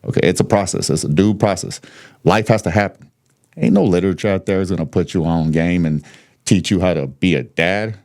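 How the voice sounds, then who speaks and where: Deep-voiced blunt man telling his story. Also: fairly quick, darkish tone. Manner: blunt, swears freely, laughs between points. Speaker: podcast guest. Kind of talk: candid conversational storytelling.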